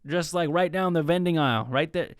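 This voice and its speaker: A man's voice: a little high, a little fast, smooth, no echo, clean studio sound. A young man hosting a podcast, telling joking stories in a casual solo talk and mimicking the people in them. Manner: joking, animated storytelling with mimicked voices. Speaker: podcast host.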